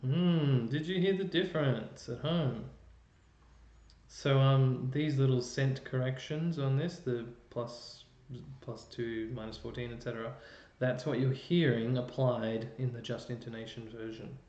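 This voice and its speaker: A man's voice: medium pitch, a little slow, a little mellow. Man explaining music tuning in a roomy space. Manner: explanatory, thinking aloud while working a computer. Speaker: chorus music educator. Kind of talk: online music lesson. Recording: roomy, dull lo-fi sound with faint noise.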